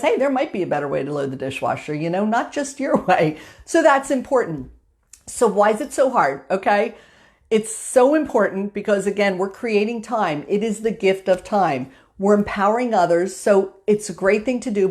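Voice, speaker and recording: A woman's voice: mid-range voice, a little mellow. A woman hosting a motivational live stream, telling a story in a chatty way with filler words. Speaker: host.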